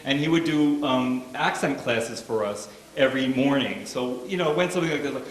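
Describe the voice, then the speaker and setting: A man performs stand-up, telling family stories in a wry, casual and profane manner. His voice is medium-pitched at a moderate pace, and the sound is roomy.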